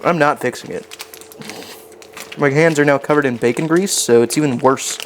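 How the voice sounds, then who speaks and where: A man's voice: a little high, moderate pace, a little hiss or hum. A man chatting casually while cooking on a live stream in his home kitchen, rambling and poking fun at himself as he talks to his chat.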